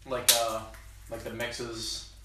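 A man's voice: mid-range voice, monotone, takes it slowly. A young man chatting as a guest, telling his story in lists with fillers. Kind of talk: casual chat. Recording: roomy, distant mic with clear background noise.

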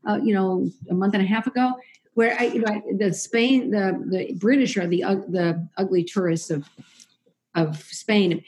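A woman in a casual interview, speaking at an ordinary middle pitch. She is chatty and opinionated, circling back and correcting herself mid-sentence as she talks. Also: normal speed, darkish tone. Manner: chatty, opinionated, with frequent restarts and self-corrections. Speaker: interview guest. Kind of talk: casual conversation.

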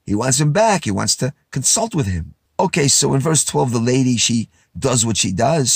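A man teaching a verse-by-verse Bible lesson, reading lines and retelling them in casual, lively words. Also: medium pitch, creaky, slightly rough, dry recording, clean studio sound. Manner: animated, paraphrases verses in casual speech.

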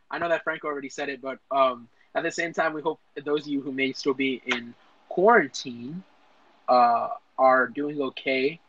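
A man's voice: mid-range voice, fairly bright tone, no room sound, dull audio. A man co-hosting a podcast in casual chat, apologetic and giggly, often laughing at himself. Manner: apologetic, giggly, self-deprecating. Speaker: podcast co-host.

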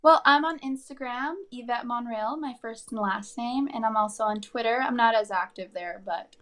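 A woman's voice: fairly high pitch, moderate pace, a bit bright. Bubbly woman gushing in an interview. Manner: bubbly, gushing, many fillers. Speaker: actress guest. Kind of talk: casual interview chat.

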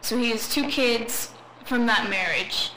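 A woman's voice: fairly high pitch, measured pace, bright, forceful tone. A woman in her twenties on a casual podcast, hesitant with lots of ums and giggles. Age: 20s. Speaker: podcast co-host. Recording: noisy home recording.

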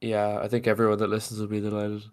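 A man's voice: on the low side, monotone, quick pace, clean tone. A man co-hosting a podcast in casual chat, sick with a cough, dry and laid-back. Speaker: podcast co-host.

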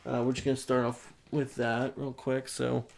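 Young male podcast co-host, gravelly tone, playful chat, reads comic lines in quick voices. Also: medium pitch, completely flat delivery. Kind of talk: casual chat, reading comic aloud.

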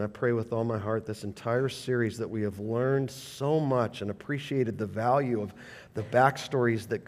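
Animated preaching man in a reverberant hall. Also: lowish voice. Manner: animated preaching, swinging from loud bursts to quiet intensity. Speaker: pastor. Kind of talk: sermon. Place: church sanctuary.

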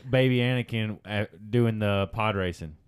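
A man's voice: lowish voice, moderate pace, smooth, dry recording, clean studio sound. A man answering trivia questions in a casual chat, playful and self-mocking. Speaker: quiz contestant.

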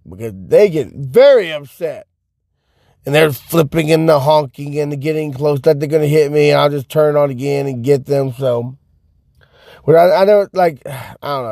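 A young man with a drawl vlogs from his car, rambling and swearing as he circles back over his own words. His voice sits a little high for a man. The sound is dry and close, with no room around it. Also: dark tone, no echo. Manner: profane, rambling, repeats himself. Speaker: vlogger. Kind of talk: casual rant to camera.

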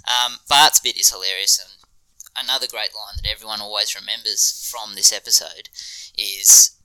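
Enthusiastic man, bright dry voice. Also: lowish voice, fairly even intonation, normal speed, clean tone, no room sound, rough recording. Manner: enthusiastic, laughs often, frequent ums. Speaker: podcast co-host. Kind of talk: casual chat reviewing a TV episode.

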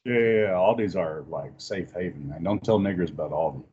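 A man's voice: low-pitched, brisk, mellow, husky. A man co-hosting a casual podcast, cracking punchline jokes, heard through a dull lo-fi remote mic. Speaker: podcast co-host. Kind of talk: casual crude chat.

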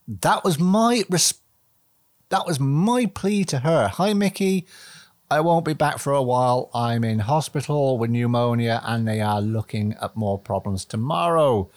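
Lively-voiced rambling man musing aloud. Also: mid-range voice, no room sound, studio quality. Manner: rambling, conversational, with frequent fillers; blunt and earthy, mixing musing with swearing. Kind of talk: casual reflective monologue.

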